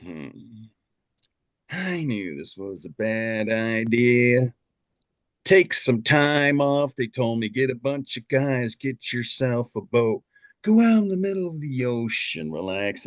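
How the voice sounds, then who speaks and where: A man doing an impression of a weary, sardonic older boat captain speaking in a low, slow drawl. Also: animated, no echo.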